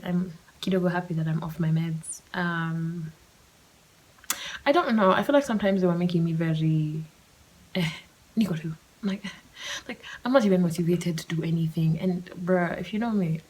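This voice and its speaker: A woman's voice: on the low side, normal speed, long pauses, darkish tone, rough recording. A young woman telling a story on her solo podcast, chatty and slangy, often dropping into a whisper. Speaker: podcast host.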